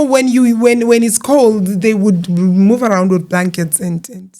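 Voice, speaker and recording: A woman speaking as an interview guest, telling her own story in an earnest, halting way with frequent repeated words. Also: mid-range voice, steady tone, mellow. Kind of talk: personal testimony in an interview.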